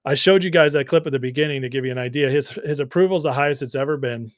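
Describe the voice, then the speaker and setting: A man with a deep voice hosting a livestream, chatting loosely and reading viewer comments. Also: rapid-fire, no echo, studio quality. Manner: chatty, laughs often, many fillers and restarts. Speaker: livestream host.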